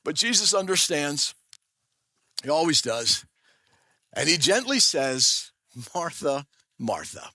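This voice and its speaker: A man's voice: fairly high pitch, sing-song, takes it slowly, long pauses, sharp tone. A man preaching a sermon to his congregation, retelling a story vividly and speaking to them directly. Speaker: pastor. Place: church sanctuary. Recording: long church-hall reverb.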